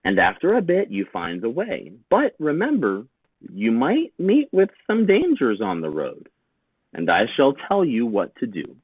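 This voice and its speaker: A man's voice: mid-range voice, wildly swooping pitch, unhurried, slightly rough, no echo, exaggerated voice. A man doing a soothing lilting mama. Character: mama, gentle wise mother. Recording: tinny phone-like sound, dry.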